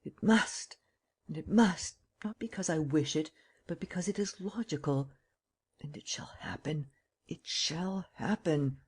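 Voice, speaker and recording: An audiobook reader voicing a proud, cool-headed gentleman thief in a prison cell, polite and ironic. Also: mid-range voice, lively intonation, normal speed, breathy edge. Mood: desperate. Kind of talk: audiobook character reading.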